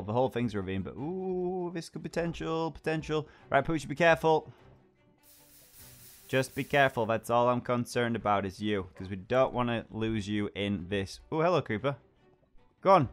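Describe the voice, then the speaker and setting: Young dude gaming, voice jumps all over, bit of faint music behind. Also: male voice, mid-range voice. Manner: chatty and excitable, talks to his pet dog, exclaims at surprises. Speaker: gaming channel host. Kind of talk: let's play commentary.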